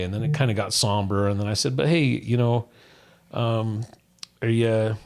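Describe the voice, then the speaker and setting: A man's voice: lowish voice, steady tone, normal speed, long pauses. A middle-aged man from Utah, co-hosting a podcast and telling a personal story in an earnest, rambling way, full of restarts. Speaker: podcast co-host. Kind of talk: casual chat, personal story.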